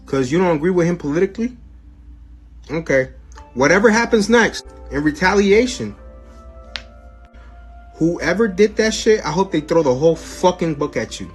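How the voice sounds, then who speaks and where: Swearing man in a lively, heated rant. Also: fairly high pitch, moderate pace, soft background music. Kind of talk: casual video rant.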